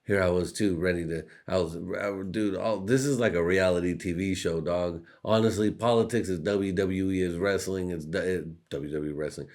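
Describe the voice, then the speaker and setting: Deep-voiced and a little mellow, a young man hosts a podcast at normal speed with hardly any pauses. His casual comedic monologue is rambling, profane and full of jokes, and he keeps lapsing into put-on voices.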